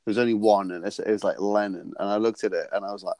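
A man's voice: fairly low pitch, steady tone, quick pace, darkish tone, dry recording. A man co-hosting a podcast, chatting casually and telling rambling, jokey stories with frequent laughs. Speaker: podcast co-host. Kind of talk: casual chat.

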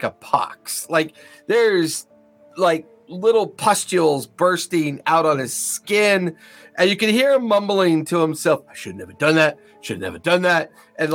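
Slow, gravelly game master man. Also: on the high side, a bit bright. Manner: rambling, full of ums and likes. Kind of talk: narrating a tabletop game.

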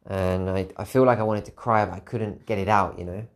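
A man's voice: fairly low pitch, fairly even intonation, brisk. A tired man hosting a podcast alone, talking candidly and reflectively in a rambling way, repeating phrases for emphasis. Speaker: podcast host. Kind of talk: reflective solo monologue.

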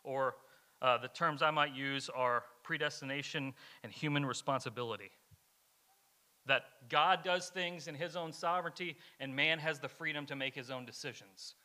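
Earnest bright-voiced male pastor preaching. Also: a little high, moderate pace. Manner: earnest, emphatic, repeats key lines. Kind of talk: sermon, question and answer. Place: church, streamed live.

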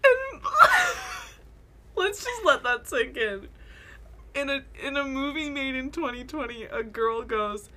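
A young woman chatting casually about a movie with a friend, animated and sarcastic, often laughing. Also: high voice, takes it slowly, background noise. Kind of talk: casual movie recap chat.

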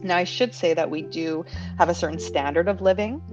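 A woman from Canada hosting a podcast, talking casually in an outspoken, lively way. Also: lowish voice, brisk, lo-fi sound, over music. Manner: lively, outspoken, laughs easily. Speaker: podcast host.

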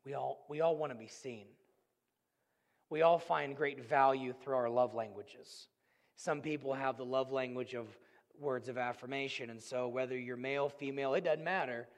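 A man preaching a sermon as pastor, earnest and storytelling, swinging between loud and hushed. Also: mid-range voice, moderate pace, long reverb tail.

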